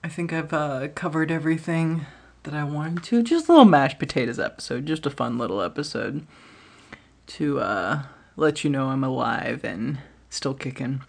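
A woman's voice: low voice, animated, normal speed, gravelly, a little mellow. A woman hosts her own podcast and tells stories in a loose, rambling monologue. She laughs often and swears freely as she goes. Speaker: podcast host. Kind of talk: casual storytelling monologue.

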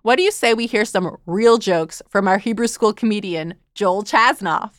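A woman's voice: medium pitch, normal speed, no echo, studio quality. A woman hosting a children's show, narrating in a playful, jokey, teacherly way. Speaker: kids' show host. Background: background music.

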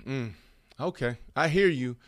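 A man who once played wide receiver, co-hosting a sports podcast and arguing his points in an animated way that swings from loud to soft. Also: medium pitch, unhurried. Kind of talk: casual sports debate.

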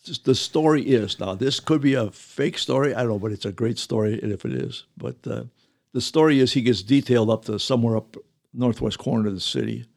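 Gravelly older man telling stories. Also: mid-range voice, a little fast, a little mellow. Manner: rambling, chuckling anecdotes with restarts. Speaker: retired firefighter guest. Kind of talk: casual storytelling.

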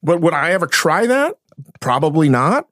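A man co-hosting a casual podcast, talking in an animated way, swearing often and restarting his sentences. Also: a little high, normal speed, dry recording. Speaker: podcast co-host, chef. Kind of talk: casual chat. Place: studio.

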